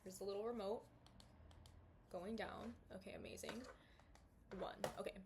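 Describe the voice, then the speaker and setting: A woman's voice: medium pitch, steady tone, normal speed, a little mellow, slight background noise. Twenties female host, loose casual chat full of asides, recorded in her bedroom. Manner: chatty, rambling, full of fillers and asides. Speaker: podcast host. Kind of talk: casual talking-to-camera chat. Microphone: small clip-on mic.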